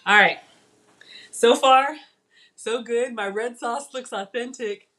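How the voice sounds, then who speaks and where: A middle-aged woman hosting a casual live-stream cooking demo from her home kitchen, chatty and excitable, talking straight to her viewers. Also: on the high side, normal speed, a little hiss or hum. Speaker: cooking show host.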